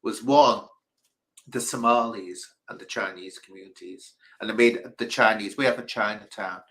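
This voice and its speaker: Middle-aged man, livestream host, bright forceful voice, animated storyteller. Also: fairly low pitch, normal speed, rough recording. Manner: animated storyteller, mimics people in quotes. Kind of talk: casual livestream chat.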